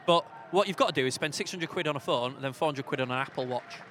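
A man's voice: a little high, quick pace, fairly bright tone, a little hiss or hum. A man, co-hosting a podcast in jokey, self-mocking casual banter. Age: 20s. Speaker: podcast co-host.

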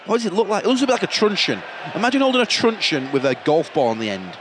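A young man, bantering jokily and excitably at a football match. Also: high-pitched, fast talker. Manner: jokey, excitable, laughs often. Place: outdoor football stadium. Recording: noisy stadium crowd behind.

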